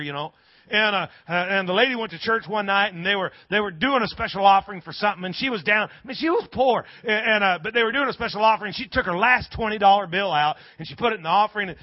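High-voiced preacher telling a story. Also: male voice, dry recording. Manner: storytelling preacher, swings from hushed to shouting. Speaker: pastor. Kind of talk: sermon. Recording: dull dry lo-fi sermon audio.

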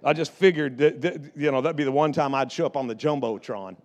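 A male pastor with a fairly high voice telling a lively story from the pulpit. He talks in an animated way, stumbles over his restarts, and piles up repeated words. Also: a little fast, slight background noise. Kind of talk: storytelling sermon.

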